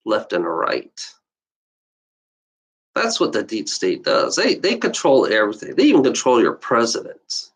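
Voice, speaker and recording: A man's voice: mid-range voice, low-quality recording. A man ranting off the cuff on a livestream, repeating himself, swearing often and tagging lines with "you know". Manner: profane, repetitive, heated, constant "you know". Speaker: livestreaming video blogger. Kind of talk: unscripted rant to camera.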